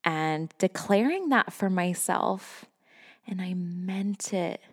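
Candid, laughing woman with a lowish voice. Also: expressive, slow pace, big-room sound. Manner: candid and effusive, swears freely, heavy use of "like"; laughs often between phrases. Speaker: podcast host. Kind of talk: casual personal storytelling.

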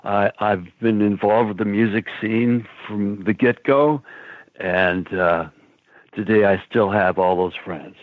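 A man's voice: on the low side, slow, no room sound. A man in his seventies, a guest telling long stories in a rambling way, often laughing and acting out what others said. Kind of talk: casual storytelling. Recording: dry tinny phone line.

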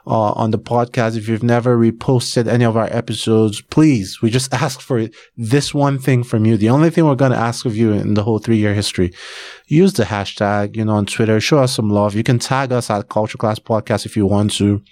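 A man's voice: on the low side, fairly even intonation, a little fast, a little mellow, dry recording. A man hosting his podcast, talking casually and rambling with many fillers. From Nigeria. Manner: chatty, rambling, with frequent fillers. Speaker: podcast host. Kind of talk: casual solo podcast announcement.

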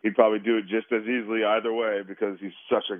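A male actor calls into an interview and rambles with lots of restarts, laughing easily. His voice sits low and sounds dry. It comes through a thin, tinny phone line. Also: flat delivery, fast, no echo. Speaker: actor guest. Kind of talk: casual interview over phone.

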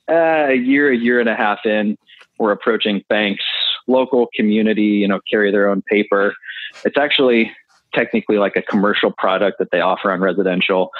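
As a guest giving casual interview answers, a man walks through real estate deals and their numbers, using fillers along the way. His voice is on the low side, heard over a tinny phone line with no room sound.

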